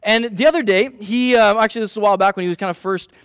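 A man in his thirties, a pastor, preaching a sermon in a chatty, animated way and telling a self-mocking story about his family. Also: high voice, rapid-fire, clear, resonant tone, dry recording, clean studio sound.

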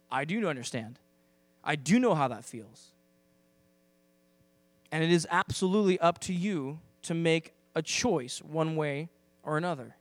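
Male pastor, sermon delivery. Voice sits high for a man, lively and conversational, with dry close-miked sound and a low mains hum behind. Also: no room sound. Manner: animated, conversational preaching with acted-out asides.

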